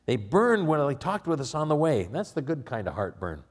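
A man preaching a sermon, swinging from quiet asides to raised, emphatic passages and chuckling at his own jokes. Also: fairly high pitch, very animated, brisk. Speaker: pastor.

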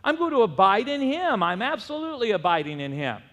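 Male pastor, middle-aged, high voice, preaching a sermon, lively storytelling, long church reverb. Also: brisk. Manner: animated storytelling with audience call-and-response. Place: church sanctuary.

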